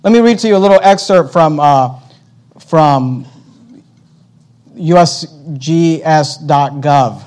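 A man's voice: on the high side, slow, long pauses, a little mellow. A man preaching a verse-by-verse sermon, emphatic, firing off rhetorical questions and often repeating words as he goes. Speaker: pastor. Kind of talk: expository sermon.

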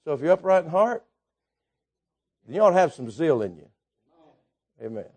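A man preaching a Baptist sermon, building fervently to shouts and dropping low again, with chuckles between points. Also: sing-song, normal speed. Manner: fervent, rises to shouting then drops low.

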